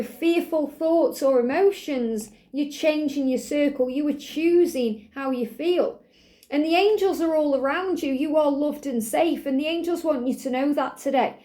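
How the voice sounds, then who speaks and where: High-voiced woman giving a soothing tarot reading. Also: darkish tone. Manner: soothing, affirming, repeats phrases slowly. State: a little out of breath. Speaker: tarot card reader. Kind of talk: spiritual card reading.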